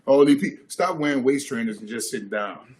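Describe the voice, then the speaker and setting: Animated man telling funny stories. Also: medium pitch, a little fast. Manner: animated storyteller, acts out quotes. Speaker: football player. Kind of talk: casual podcast chat.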